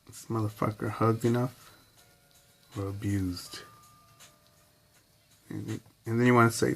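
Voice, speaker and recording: A low-pitched man with a gravelly, fry-heavy voice talks through his thoughts in a loose, swearing vlog monologue. He pauses often and fills the gaps with ums. Faint music plays underneath. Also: little pitch movement. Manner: rambling and profane, with many fillers and pauses. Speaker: vlogger. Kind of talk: reflective casual monologue.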